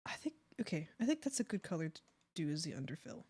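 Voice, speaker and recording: A woman's voice: low-pitched, sing-song, fast, a little mellow, husky, no echo. A woman streaming her art, talking to herself as she draws and singing along to music now and then. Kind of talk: casual talk while drawing.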